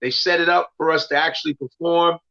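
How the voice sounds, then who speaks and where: A male comedian chats on a livestream, swearing freely and hammering points by repeating them. His voice sits a bit high. The call audio is dull and lo-fi. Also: steady tone, fairly quick, sharp tone. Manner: profane, ranting, repeats himself. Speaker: comedian guest. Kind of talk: casual livestream chat. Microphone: remote call.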